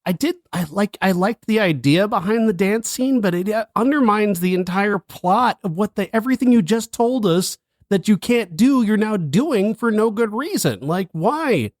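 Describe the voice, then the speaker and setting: This podcast co-host and film critic has a voice that sits high and sounds animated, moving at a moderate pace with few pauses. Bluntly exasperated and often laughing, he keeps the chat casual, and the recording is dry with clean studio sound.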